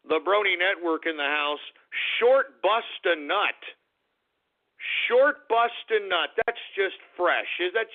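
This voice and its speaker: A man hosting a talk radio show who rants in a mocking, profane way as he reads out listener shout-outs. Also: sits high. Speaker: radio host. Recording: tinny phone-line radio sound.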